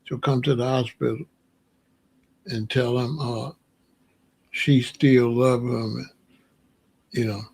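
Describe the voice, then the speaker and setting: A man's voice: medium pitch, little pitch movement, takes it slowly, gravelly, pauses often, a little mellow, slightly rough. A man hosting a casual commentary show, talking bluntly and joking, often laughing at his own points. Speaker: show host.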